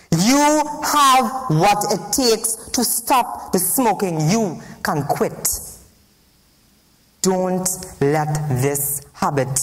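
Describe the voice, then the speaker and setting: A teenage girl with a Trinidadian accent performing spoken word poetry at a slam, dramatic and deliberate, sinking low and soft on the grim lines. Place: large hall at a school event. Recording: echoey hall reverb.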